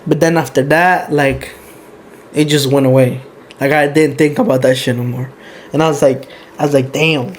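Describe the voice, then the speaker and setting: A man's voice: medium pitch, steady tone, normal speed, a little hiss or hum. A young man hosting a podcast, telling a personal story candidly and with emotion, swearing often. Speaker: podcast host. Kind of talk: casual podcast chat.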